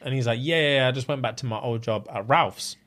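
A man, co-hosting a casual podcast and telling a story in an animated way, full of slang and laughter. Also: mid-range voice, quick pace. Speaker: podcast co-host. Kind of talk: casual chat.

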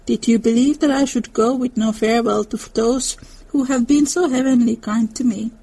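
Lady reading as a soft-spoken german professor, formal halting phrasing, mellow husky tone. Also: a little high, fairly even intonation, low-quality recording. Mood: earnest. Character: earnest older German male professor, gentle.

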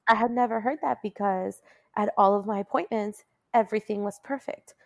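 A woman's voice: mid-range voice, a little fast, gravelly, no room sound, muffled recording. A woman talking as a guest in a casual conversation, telling a personal story in a chatty way and laughing often. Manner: chatty, laughs often, rises into animated quoting.

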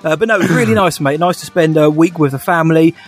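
A man's voice: on the high side, quick pace, soft background music. A young man co-hosting a podcast, chatting casually with jokey, upbeat banter. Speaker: podcast co-host. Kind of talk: casual chat.

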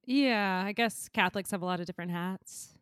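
A woman co-hosting a casual comedic podcast, gently teasing and supportive, reading a recipe out crisply. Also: medium pitch, fairly quick, no room sound, clean studio sound. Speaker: co-host.

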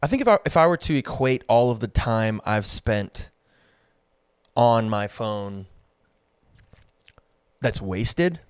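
A man's voice: mid-range voice, sing-song, slow pace, pauses often, clean tone, no echo, studio quality. A young man co-hosting a podcast, chatting casually and thinking aloud with lots of fillers. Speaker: podcast co-host. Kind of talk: casual chat.

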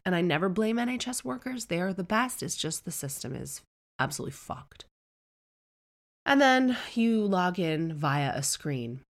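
A woman in her forties with a low voice, spinning a comic story. She's blunt and sweary, animated throughout, and slips into quick voices for the people she quotes. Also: creaky.

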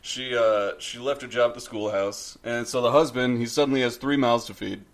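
A man's voice: mid-range voice, fairly even intonation, fairly quick. A man casually telling a local ghost story on a podcast, full of fillers and asides. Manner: rambling, frequent fillers and laughs.

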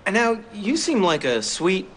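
An actor playing an exasperated male con man who switches to an oily, polite pitch in film dialogue. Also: sing-song, unhurried, a bit bright, breathy edge, full character voice.

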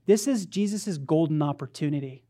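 A woman preacher giving a sermon in a conversational, playful, animated storytelling manner. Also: low voice, normal speed.

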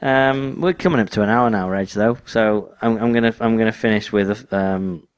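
A man's voice: lowish voice, normal speed, smooth, no echo. A man co-hosting a podcast in casual chat, rambling and restarting his sentences. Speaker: podcast co-host.

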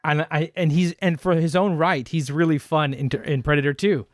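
A man co-hosting a casual film chat, animated and profane, often jumping up into high, disbelieving tones. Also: moderate pace, dry recording, studio quality. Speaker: podcast co-host.

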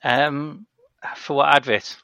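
Gravelly bright man, laid-back. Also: a little high, little pitch movement, takes it slowly. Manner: laid-back, laughs along. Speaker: podcast co-host. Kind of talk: casual chat.

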